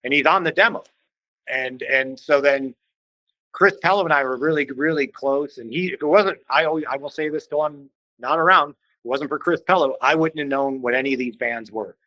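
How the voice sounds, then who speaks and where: A man from Cleveland talks as a podcast guest, casual and animated. He acts out what others said in quick put-on voices and swears easily. His voice is bright, a bit tense and set slightly high, recorded close and dry. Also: no room sound, low-quality recording. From Cleveland, Ohio. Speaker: podcast guest, band vocalist. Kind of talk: casual storytelling in conversation.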